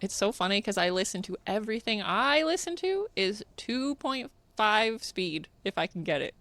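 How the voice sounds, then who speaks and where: A woman's voice: medium pitch, sing-song, moderate pace, fairly bright tone. Chatty Canadian woman hosting a podcast. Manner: chatty, laughs often, self-mocking. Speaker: podcast host. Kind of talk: casual chat.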